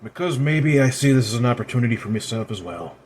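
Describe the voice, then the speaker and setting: A man plays a sly, world-weary immortal woman with a lilt in a spoken dark-fantasy story. She speaks low and quietly, in a dry and knowing tone, with faint noise underneath. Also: lively intonation, quick pace, lightly acted.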